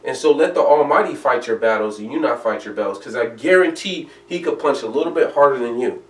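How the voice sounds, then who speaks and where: A man's voice: medium pitch, lively intonation, brisk, fairly bright tone. A man preaching a sermon in an emphatic, conversational way, reading scripture aloud. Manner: emphatic, conversational preaching, reads King James verses aloud. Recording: echoey room from a distance.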